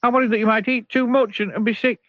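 Mister Worry, a fretful storybook worrier. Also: male voice, fairly even intonation, quick pace, no echo, muffled recording. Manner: high squeaky fretting voice. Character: anxious fretful little storybook man.

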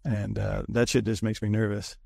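A man's voice: on the low side, flat delivery, moderate pace, gravelly, warm tone, no room sound, clean studio sound. A man chatting casually as a cybersecurity guest, rambling and profane, full of fillers and restarts. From United States. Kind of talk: casual podcast chat.

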